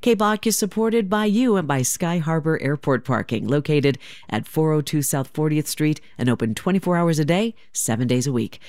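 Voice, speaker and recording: A classical radio announcer with a relaxed, conversational delivery and a voice that rises and falls freely. The sound is close and dry, as from a studio microphone. Small hesitations keep it easygoing rather than stiff. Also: mid-range voice, dry recording.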